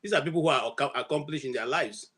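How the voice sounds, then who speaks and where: A man hosting an online panel, firmly pleading with his guests to calm down. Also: fairly high pitch, fast talker. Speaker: host and moderator.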